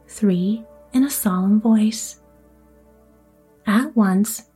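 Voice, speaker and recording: A woman reads a storybook aloud in a soft voice that often sinks into a whisper. Her tone is mellow and breathy, set a little high. Faint music plays underneath. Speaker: audiobook narrator. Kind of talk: storybook narration.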